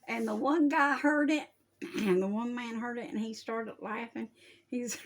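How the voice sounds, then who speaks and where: A woman's voice: on the high side, expressive, moderate pace. A woman, talking casually in a religious video, folksy and scolding, laughing often. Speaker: online preacher.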